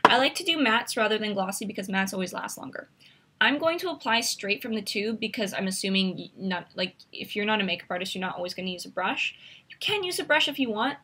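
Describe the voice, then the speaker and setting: A woman's voice: medium pitch, lively intonation, fast, bright, forceful tone, slightly rough. A woman hosting a makeup tutorial, chatty and instructive as she talks through each step while demonstrating.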